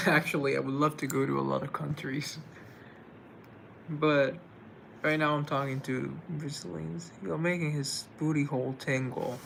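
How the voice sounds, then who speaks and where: A man's voice: fairly high pitch, level tone, normal speed, vocal fry, a bit bright, slight background noise. A man hosting a casual livestream, answering viewer comments with a playful, joking manner. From United States. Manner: playful, joking, talks to himself. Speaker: livestream host.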